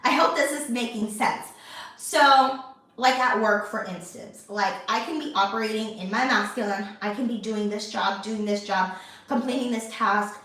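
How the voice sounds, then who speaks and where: Young woman host, fairly high voice, rambling casual delivery, echoey room, mic set back from her. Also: moderate pace, a bit bright, far from the mic. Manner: chatty, many fillers and restarts. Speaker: lifestyle channel host. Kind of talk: casual talk to camera.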